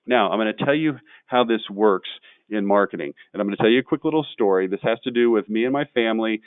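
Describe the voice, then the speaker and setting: A man presenting a marketing webinar, blunt and quick to get worked up as he tears into examples. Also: on the low side, no room sound, narrow, tinny audio. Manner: blunt, gets worked up and ranting.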